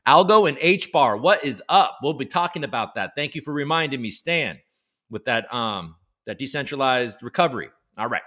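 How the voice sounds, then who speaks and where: A man's voice: medium pitch, expressive, moderate pace, fairly bright tone. A man hosting a casual live stream, joking around and greeting viewers in the chat by name. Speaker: livestream show host.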